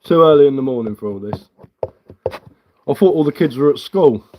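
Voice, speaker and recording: A man's voice: medium pitch, expressive, brisk, dull audio, slight background noise. A man, reading chat aloud on a live stream while carving, blunt and mocking. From England.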